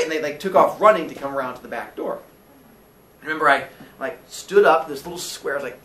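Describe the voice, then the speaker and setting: A man's voice: fairly high pitch, fast talker, bright, forceful tone, roomy sound, recorded from a distance. A man telling a comic story about his own childhood, acting out the voices of those in it with squeals and laughter.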